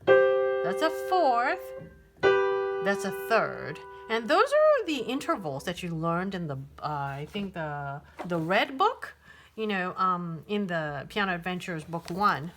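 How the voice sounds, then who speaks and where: A woman talks through a piano lesson at an unhurried pace, her voice swinging up and down as she counts and hesitates. Loud piano plays behind her. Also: lowish voice, big pitch swings. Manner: patient, counts beats and sings rhythms aloud; hesitant, many ums and restarts. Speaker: piano teacher. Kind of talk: piano tutorial. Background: piano playing.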